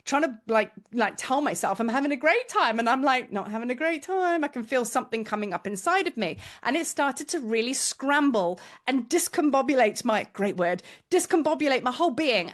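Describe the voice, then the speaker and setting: Chatty storytelling woman, fairly high voice. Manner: chatty, emotional, animated quoting of herself. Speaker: spiritual teacher and tour leader. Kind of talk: casual storytelling to camera.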